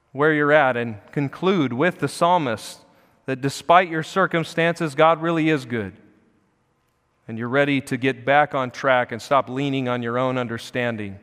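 A man preaching a sermon, earnest, swelling louder and slower on key phrases. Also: fairly high pitch, in a large hall. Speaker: pastor. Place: church sanctuary.

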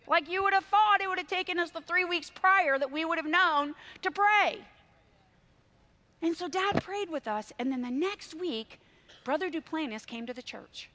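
A woman pastor, preaching with animated storytelling and dramatic swings from loud to hushed. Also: high voice. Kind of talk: sermon.

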